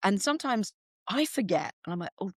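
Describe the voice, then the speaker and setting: A woman's voice: on the low side, normal speed, a bit bright, dry recording, clean studio sound. A woman in her forties hosting a podcast, talking in a candid, chatty conversational way. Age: 40s. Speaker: podcast host. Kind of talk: casual interview chat.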